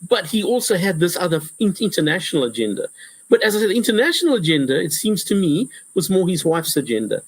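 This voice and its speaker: Professor guy in an interview, high husky voice, really animated, keeps restarting, dry close mic. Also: quick pace, no room sound, rough recording. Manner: animated, repetitive restarts, acts out quotes. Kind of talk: conversational interview.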